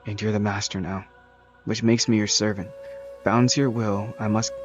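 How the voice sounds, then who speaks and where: Guy reading out a sad starving minotaur servant, solemn and obedient, low voice, music going. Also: level tone, moderate pace, highs cut off, close to an everyday voice. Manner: solemn, servile, plainly spoken. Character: starved male bull-headed monster servant.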